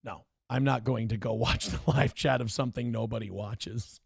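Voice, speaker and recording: A man's voice: mid-range voice, steady tone, moderate pace, vocal fry, slightly rough, dry recording, clean studio sound. A middle-aged man hosting a livestream morning show, reading out donations in a brash, taunting, profane way. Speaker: host.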